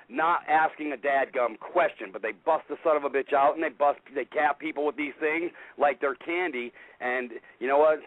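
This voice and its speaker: A man's voice: fairly high pitch, dry recording. A man from the United States calling in to talk radio, angry, emotional and swearing. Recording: phone line.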